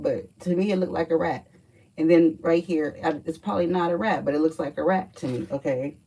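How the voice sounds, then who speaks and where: A woman's voice: deep voice, mellow, far from the mic, a little hiss or hum, rough recording. A woman doing a casual live card reading, blunt and profane as she chats through each card. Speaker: livestream card reader.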